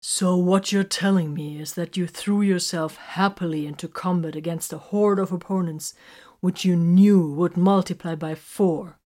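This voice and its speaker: A woman voicing a hot-tempered male captain who talks loudly and demands answers. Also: fairly low pitch, steady tone, a little slow. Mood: exasperated. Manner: loud, exasperated, demanding.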